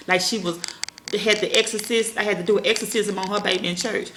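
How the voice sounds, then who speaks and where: A woman's voice: mid-range voice, brisk, background noise. A woman vlogging at home, chatting casually and profanely to her viewers as y'all, rambling from one thought to the next. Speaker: parenting vlogger. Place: small room at home. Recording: echoey room.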